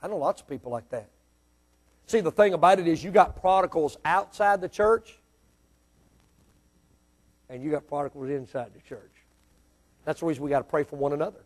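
Man, pastor preaching a sermon, high voice, call and response, rising to loud emphatic peaks. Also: lively intonation, normal speed, long pauses.

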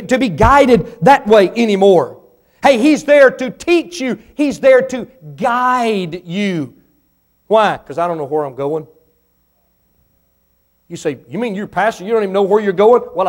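High-voiced preacher rising and falling. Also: male voice. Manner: preaching with sudden rises in pitch and volume, voicing imagined listeners. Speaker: pastor. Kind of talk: sermon. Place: church.

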